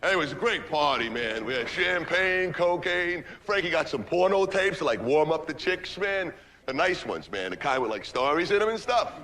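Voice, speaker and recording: A man's voice: on the high side, very animated, normal speed, sharp tone, exaggerated voice. An actor playing a crude, stoned party guy who rambles through a dirty story, tagging lines with "man" and "right". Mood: rambling. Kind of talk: stage monologue.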